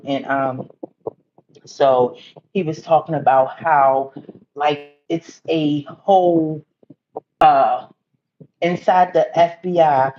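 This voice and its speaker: A woman's voice: sits low, mellow, muffled recording, a little hiss or hum. A woman hosting a casual livestream, rambling and talking straight to her viewers. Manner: rambling, talks to viewers directly. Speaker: livestream host.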